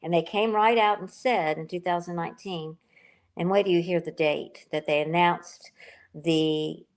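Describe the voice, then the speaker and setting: A woman's voice: lowish voice, steady tone, unhurried. An older woman, an author being interviewed, talking in a rambling, emotional way and correcting herself as she goes. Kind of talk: casual interview talk.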